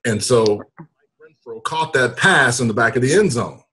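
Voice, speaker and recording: A man's voice: mid-range voice, lively intonation, moderate pace, sharp tone, husky. A man hosting a sports talk interview, easygoing and rambling, chuckling as he asks questions. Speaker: host.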